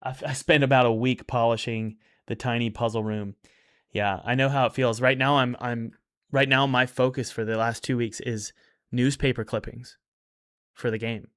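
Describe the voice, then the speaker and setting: A man's voice: mid-range voice, steady tone, normal speed, a bit bright. A man in casual livestream commentary, reviewing indie games in an upbeat, rambling way with many restarts.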